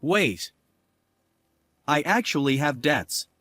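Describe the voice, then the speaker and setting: Male actor as selfish cheating husband; lively, higher voice, dry close recording. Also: takes it slowly, no room sound, soft background music, exaggerated voice. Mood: pleading. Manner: lively, swinging between angry and begging. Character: selfish unfaithful husband, pleading and blustering. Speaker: husband character. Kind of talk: dramatized story dialogue.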